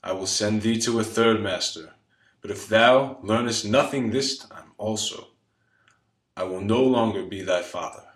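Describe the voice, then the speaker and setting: A man's voice: lowish voice, a little slow, lightly acted. A man voicing a stern old count who speaks in archaic commands and flies into rages, in a roomy space. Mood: furious. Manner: archaic, commanding, thundering when angry.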